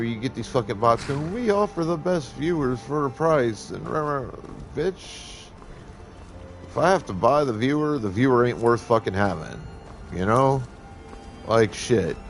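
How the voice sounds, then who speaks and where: Male streamer, heated profane rant, very lively pitch, music faint behind. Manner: heated, swearing constantly, animated swings in pitch.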